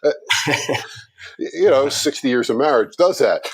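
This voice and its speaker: A middle-aged man speaking as an interview guest, spinning an anecdote with an animated, storytelling flow. His voice sits at an ordinary male pitch and carries a friendly, conversational rhythm. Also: a little slow, husky. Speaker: guest speaker on customer experience.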